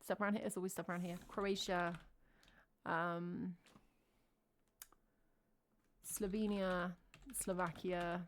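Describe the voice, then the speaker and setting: A woman's voice: fairly low pitch, flat delivery, a little slow. A woman with an English accent, chatting casually on a live stream, thinking aloud and answering her chat. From England.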